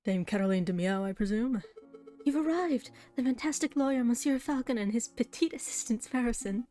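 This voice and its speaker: A woman's voice: on the high side, animated, brisk, soft background music, pitched above the performer's own voice, lightly acted. Woman doing a sweet noble kitten girl. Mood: sweet, chirpy. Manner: bright, chirpy and polite. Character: young noble girl cat, sweet and naive.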